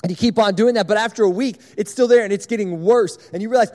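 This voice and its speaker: A man's voice: sits high, quick pace, hardly any pauses, a little mellow. Conversational man preaching in a hall. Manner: conversational, illustrative, repetitive. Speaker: speaker at a church service. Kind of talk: sermon.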